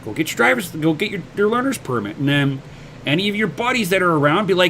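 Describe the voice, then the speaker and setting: A man with a fairly high, sing-song voice talks at a quick pace, with background noise behind him. He's casually livestreaming, answering viewers' comments with blunt motivational advice, casual swearing, and some stumbling over repeated words as sentences begin.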